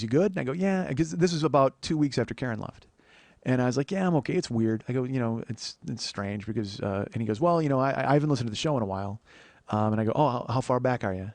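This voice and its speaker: A man's voice: medium pitch, darkish tone, no room sound. A man hosting his podcast, telling a rambling, profane, self-deprecating story with many restarts, into a close microphone. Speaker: comedian and podcast host. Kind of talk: casual solo storytelling.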